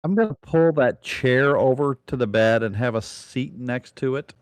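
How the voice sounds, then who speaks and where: A man's voice: medium pitch, moderate pace, clear, resonant tone, no room sound. A man playing a tabletop game in character, who talks in a hesitant, stammering way. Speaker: player.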